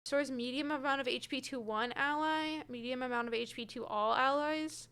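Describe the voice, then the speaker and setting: Chatty high-voiced woman streaming a game. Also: moderate pace, a bit bright, clear, resonant tone. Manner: chatty, hedging, answers chat by name. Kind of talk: casual gameplay chat, reading chat. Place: home room with her cat.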